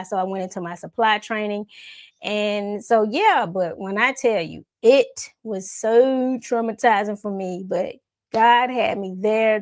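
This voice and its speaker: A woman vlogger telling a personal faith story in a casual, animated way, with folksy asides to her viewers and frequent laughs. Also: mid-range voice, no echo, studio quality. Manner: laughs often while talking. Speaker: faith and self-development vlogger.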